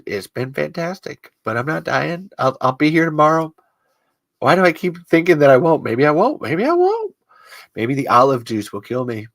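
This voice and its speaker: A man's voice: mid-range voice, no echo. A man hosting a podcast, rambling and joking in casual chat. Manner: rambling, joking, self-mocking. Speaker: podcast host.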